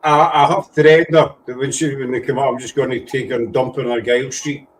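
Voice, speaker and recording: A man's voice: mid-range voice, fairly even intonation, fast, poor audio. A Scottish man hosting a casual live-stream chat, rambling along and teasing his guests. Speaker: host. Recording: faint background noise.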